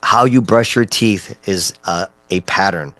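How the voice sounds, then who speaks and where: A man's voice: low voice, a little slow, a bit bright, no echo. A man coaching on mindset in a casual teaching talk, checking in often with his listeners. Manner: conversational, frequent "right?" check-ins, restarts. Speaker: NLP coach.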